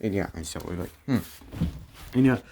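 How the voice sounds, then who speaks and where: Man, low-ish voice, loose rambling storyteller, heavy on fillers. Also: animated, rapid-fire, vocal fry, heavy background noise. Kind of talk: improvised fan story retelling.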